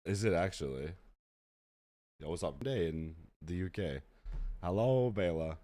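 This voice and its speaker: A man streaming a game live, sick, with an unusually deep and rough voice, chatting in slangy, exasperated asides to his viewers. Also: expressive, unhurried, warm tone. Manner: slangy, exasperated, talks straight to chat. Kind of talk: casual live-stream chat.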